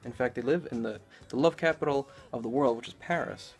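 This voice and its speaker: Gravelly man rambling through a lecture. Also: mid-range voice, a little fast, soft background music. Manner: rambling, conversational, many fillers. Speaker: esoteric lecturer. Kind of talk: casual spoken lecture.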